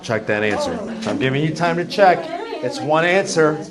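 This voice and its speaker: A man's voice: on the high side, animated, moderate pace, a loud crowd. A man teaching a math class, chatty and self-deprecating, joking with his students. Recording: noisy classroom recording.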